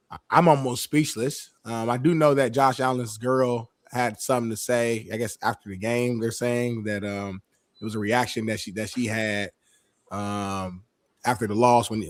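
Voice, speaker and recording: A man's voice: medium pitch, no echo. Easygoing male sports co-host. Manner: hesitant, filler-heavy, then animated when arguing. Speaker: sports talk show co-host. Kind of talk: casual sports talk.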